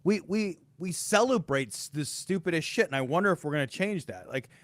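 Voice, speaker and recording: A man's voice: fairly high pitch, expressive, a little fast, a bit bright, no room sound. An American man co-hosting a podcast, musing aloud in casual chat with frequent swearing. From United States. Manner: profane, musing. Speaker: podcast co-host.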